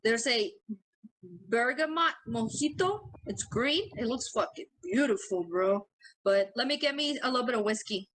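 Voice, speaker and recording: Female podcast co-host, bright and slightly high voice, casual and cussing. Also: animated, moderate pace, rough recording. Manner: profane and laughing, loose and chatty. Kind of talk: casual chat.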